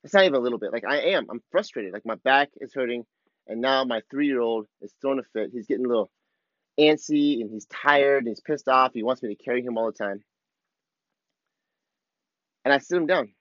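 A man's voice: medium pitch, a little fast, a bit bright, no room sound. Man in his thirties, raw confessional tone, casual swearing, slightly dull dry recording. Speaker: father vlogger. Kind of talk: candid personal reflection.

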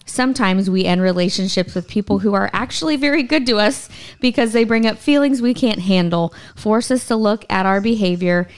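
A woman's voice: medium pitch, a little fast, clear, resonant tone. A woman co-hosting a faith podcast, reading aloud and chatting thoughtfully. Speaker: podcast co-host. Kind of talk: casual chat.

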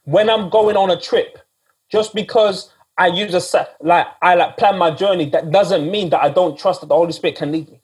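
Man, preacher, sermon, conversational, fairly high voice, husky. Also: moderate pace. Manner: conversational, repeats himself and says "guys".

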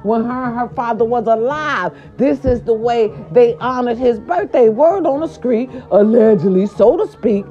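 A woman's voice: on the high side, normal speed, few pauses, dark tone. A woman vlogger in a casual, profane rant, talking straight to her viewers and repeating herself for emphasis. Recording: dull lo-fi recording with faint music. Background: faint background music.

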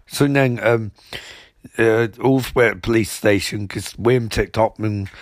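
A man's voice: fairly low pitch, fairly even intonation, a little slow, no room sound, clean studio sound. A young man giving a rambling, mocking recap of a TV episode. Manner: rambling, mocking, with filler restarts.

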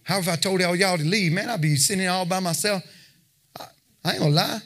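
A man's voice: sits high, fast, a bit bright. A man preaching a sermon, talking plainly with his listeners and building to emphatic exhortation. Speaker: pastor.

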